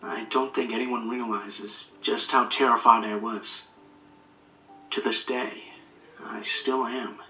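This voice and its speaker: A man narrating a first-person story in a measured, earnest, scripted way. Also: medium pitch, steady tone, bright, forceful tone, a little hiss or hum. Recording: distant echoey playback with music.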